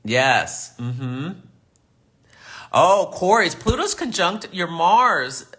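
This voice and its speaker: A man's voice: fairly high pitch, sing-song, slow, bright, forceful tone. A man hosting a live astrology reading, chatty and affirming as he answers viewer comments. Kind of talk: live-stream reading and chat.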